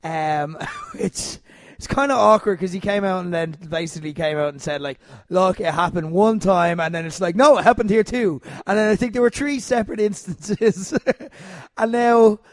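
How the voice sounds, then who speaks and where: A man hosting a podcast, his voice sitting noticeably high and recorded close and dry. He sounds a little unwell but keeps the chat rolling, laughing often and drifting into asides. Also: moderate pace, no room sound. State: unwell, voice failing. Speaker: podcast host. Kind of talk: casual chat.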